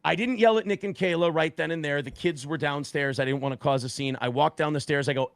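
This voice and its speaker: A man, a guest on a talk stream, telling a story in a casual, profane, animated way and acting out the quotes. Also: fairly high pitch, fast talker, few pauses, no room sound.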